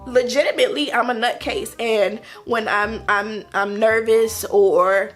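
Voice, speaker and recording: A woman casually telling a personal story to camera, animated, acting out quotes in a higher voice and laughing between lines. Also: measured pace, faint music behind.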